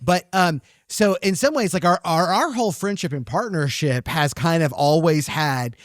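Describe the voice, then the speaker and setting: A man appearing as a podcast guest, telling a story in relaxed casual chat and hedging with fillers. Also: fairly high pitch, normal speed, dry recording, clean studio sound.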